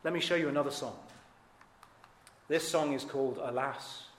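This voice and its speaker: A man preaching a sermon, earnest and emphatic, with dramatic rises in pitch and volume. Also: moderate pace, pauses often. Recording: echoey hall.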